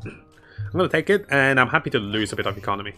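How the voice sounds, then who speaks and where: A man's voice: mid-range voice, lively intonation, quick pace, sharp tone, soft background music. A man commentating his own strategy game live, chatting to viewers and laughing often. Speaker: streamer playing a strategy game.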